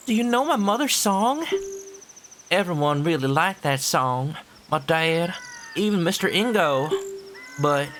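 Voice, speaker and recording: A man's voice: fairly high pitch, noisy background, pitched above the performer's own voice. Man doing a wistful young ranch girl.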